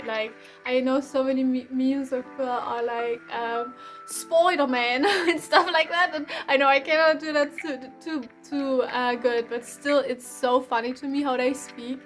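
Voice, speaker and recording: A young woman from Germany with a German accent, giving a casual, rambling tarot reading with frequent restarts and light laughs. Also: sits high. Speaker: tarot reader.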